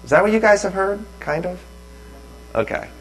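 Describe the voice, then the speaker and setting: A man speaking as a pastor, thanking people and leading a sermon in a relaxed, halting way with many pauses and fillers. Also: high voice, low-quality recording.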